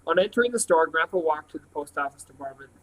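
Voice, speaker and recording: A man's voice: a little high, fast talker, rough recording. Man reading a novel aloud. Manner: plain, steady storytelling with small slips. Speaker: reader.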